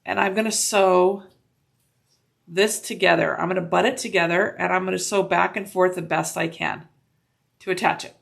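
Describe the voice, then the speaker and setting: A woman giving a casual sewing demonstration, gushing and excitable and talking to herself as she works in a home sewing room, sometimes drifting away from the mic. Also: fairly low pitch, normal speed, gravelly. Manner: gushing and excitable, talks to herself while working.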